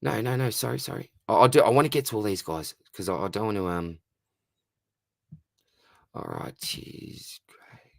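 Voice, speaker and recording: A man's voice: fairly low pitch, lively intonation, fast, creaky, hardly any pauses, no echo. A man with an Australian accent hosting a casual live stream Q&A, reading out chat questions and answering them in a friendly, matey way.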